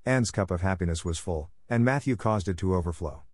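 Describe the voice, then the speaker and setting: A man giving measured storybook narration for English learners. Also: deep voice, a little mellow, no echo.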